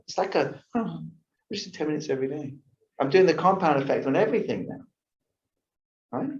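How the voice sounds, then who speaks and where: A man's voice: fairly high pitch, dark tone. Chatty man teaching in a roomy studio. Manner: chatty, acts out his own thoughts, asks the audience "right?". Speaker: yoga teacher giving a lifestyle talk. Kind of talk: casual lecture to a class. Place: yoga studio. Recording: roomy, dull lo-fi sound.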